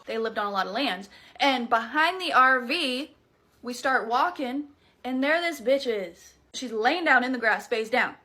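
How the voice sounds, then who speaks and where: A Southern woman in her thirties tells a scary story straight to the camera in a loose, chatty way. Her voice sits a little high with a bright, forceful edge, and she swears freely and throws in dramatic asides as she goes. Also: measured pace. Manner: animated, profane, dramatic asides. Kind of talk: casual storytime.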